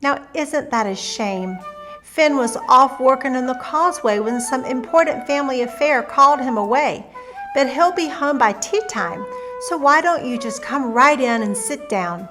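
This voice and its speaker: A woman's voice: sits high, animated, moderate pace, over music. A woman voicing a clever giant's wife who talks sweetly and coaxingly. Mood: honeyed. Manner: coaxing, honeyed.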